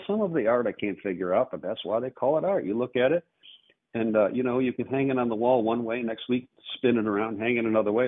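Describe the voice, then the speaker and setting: A man hosting a call-in radio show as an auctioneer, with brisk, salesy patter. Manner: salesy, rapid pitch with repeated phone number. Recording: husky voice over a tinny phone-like radio line.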